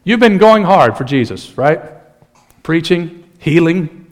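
A man preaching a sermon in an animated, conversational way, mixing in humor. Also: fairly high pitch, slow pace. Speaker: pastor.

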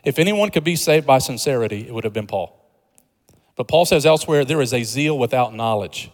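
A man's voice: medium pitch, lively intonation, brisk. A man preaching a sermon in a conversational, humorous way, building to emphatic points. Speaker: pastor. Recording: long hall reverb.

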